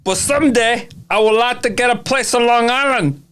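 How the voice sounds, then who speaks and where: A man's voice: very high-pitched, normal speed, a bit bright, clean tone. A man playing a chatty young man with a put-on Brooklyn accent in an amateur radio-play reading. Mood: wistful, joking. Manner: chatty, wisecracking, drops into asides.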